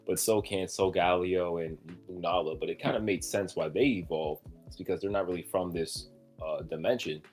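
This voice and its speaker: Casual chat from a man with a low, husky voice, eager and rambly, a soft bed of music playing faintly behind him. he's a podcast co-host who keeps going on with lots of ums. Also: moderate pace. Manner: enthusiastic, rambling with fillers.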